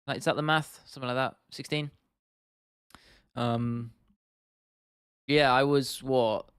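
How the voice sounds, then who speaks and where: A man's voice: medium pitch, steady tone, takes it slowly, fairly bright tone, smooth, dry recording, studio quality. A young British man in his twenties, live-streaming casually, rambling, swearing now and then and answering chat comments. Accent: British English. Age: 20s. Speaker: YouTube streamer.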